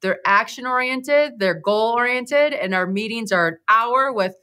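A woman's voice: a little high, a little slow, pushed and bright, smooth. A woman hosting a podcast, who introduces her guest with enthusiasm and keeps the talk going with keen, encouraging replies. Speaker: podcast host. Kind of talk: podcast interview.

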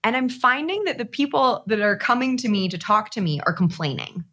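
Bright-voiced woman telling a story. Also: a little high, a little fast. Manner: animated, acts out her own past thoughts. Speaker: podcast guest. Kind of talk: casual interview storytelling.

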